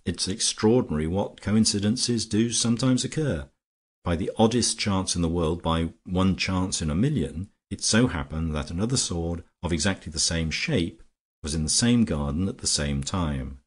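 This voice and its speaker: A man voicing a calm, grave English gentleman detective in a storybook reading, speaking in a measured, explanatory way. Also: low voice, slightly rough.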